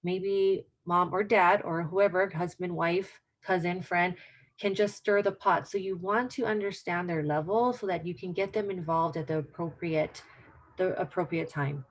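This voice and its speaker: A woman's voice: fairly low pitch, fairly even intonation, normal speed. Middle-aged woman, dementia care educator; earnest, informal presentation style, drives home key points by repeating them.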